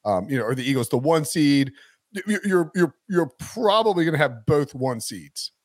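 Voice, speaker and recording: A man's voice: fairly high pitch, big pitch swings, moderate pace, dry recording, studio quality. A man hosting a casual sports betting podcast, talking in a rambling way with many restarts. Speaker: podcast host.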